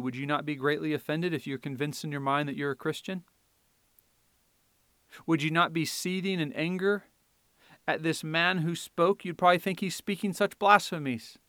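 A man preaching a sermon, swinging from quiet explanation to loud, fiery scripture reading. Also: a little high, normal speed, no room sound.

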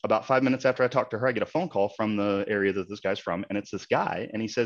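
A man rattles through a story about a confrontation, quick and animated, acting out both sides of the exchange. His voice sits a little low. The recording sounds dull and lo-fi. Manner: animated, heated retelling with quoted exchanges. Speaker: realtor, local board president. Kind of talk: casual storytelling.

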